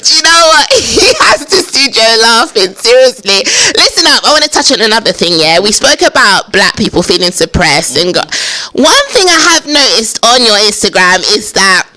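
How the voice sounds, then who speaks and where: A young woman with a high, bright, crisp voice that swings widely in pitch. She hosts the interview in a chatty, emphatic way. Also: very animated, moderate pace, hardly any pauses. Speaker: talk show host. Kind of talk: casual interview.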